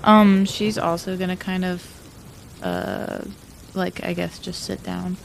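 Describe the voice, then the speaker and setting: A woman talks through her turn in a tabletop role-playing game, slowly and haltingly, with lots of fillers. Her voice is low and gravelly with vocal fry. There is faint noise in the background. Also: sing-song. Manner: hesitant, halting, many fillers. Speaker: player. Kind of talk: casual tabletop game talk.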